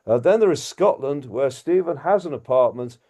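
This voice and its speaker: A man's voice: mid-range voice, animated, moderate pace, dark tone. A man from Liverpool with an English accent, doing rambling, self-mocking stand-up over a video call and chuckling as he drifts off topic. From Liverpool, England. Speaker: guest comedian.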